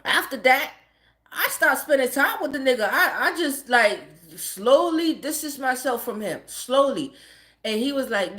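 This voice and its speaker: Animated high-voiced woman telling a story. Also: normal speed, reverberant. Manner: profane and animated, often breaking into laughter. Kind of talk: casual storytelling to a live chat.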